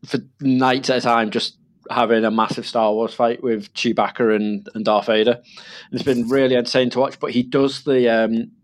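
A man's voice: medium pitch, fairly even intonation, moderate pace. Young man, casual storytelling, laughs a lot, acts out quotes.

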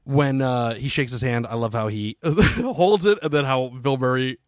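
A man chatting through a film commentary with loose, excitable energy and plenty of swearing. His voice sits at an ordinary middle pitch. The recording is close and dry, with no room echo. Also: moderate pace. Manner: excitable, laughs often, swears freely. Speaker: podcast co-host. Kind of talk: casual movie commentary.

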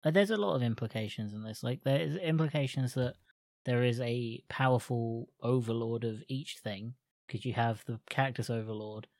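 A man's voice: mid-range voice, normal speed, darkish tone, no echo. A man co-hosting a film podcast, musing aloud in casual talk. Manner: brief agreeing interjections, musing questions. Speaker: podcast co-host. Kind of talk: casual chat.

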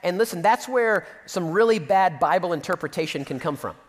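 A man preaches with a high, lively voice, reading scripture and breaking into animated asides. His sermon rings through a church hall with a long reverb tail. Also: fairly quick. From Central Texas. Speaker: pastor.

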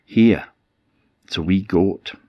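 A man's voice: low voice, slow, no room sound, highs cut off. A man doing a mild old Scottish woodcutter. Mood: plain. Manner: plain-spoken, hushed and secretive at times.

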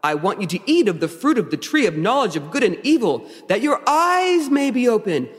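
A woman putting on a slow, solemn voice for a dramatic male devil tempter, impersonating an old film's delivery. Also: a little high, sing-song, in a large hall. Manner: slow, solemn, exaggerated film-style delivery.

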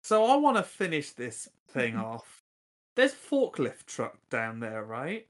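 A woman's voice: extremely low pitch, very animated, a little slow. A woman player at a tabletop game, speaking casually and animatedly with laughs and restarts.

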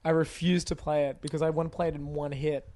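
A man's voice: a little high, flat delivery, fast talker, a little mellow. A man co-hosting a podcast in casual chat, joking and laughing often. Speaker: podcast co-host.

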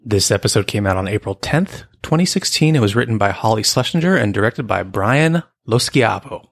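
A man's voice: on the low side, expressive, creaky, husky, dry recording, clean studio sound. Upbeat man podcast co-host. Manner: upbeat, affectionate, quick asides. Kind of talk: casual chat.

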